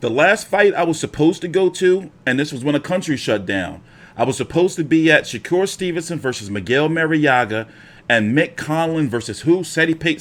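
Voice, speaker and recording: A young man hosting a boxing live stream, telling stories in casual, profane slang. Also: a little high. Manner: profane, animated storytelling with slang.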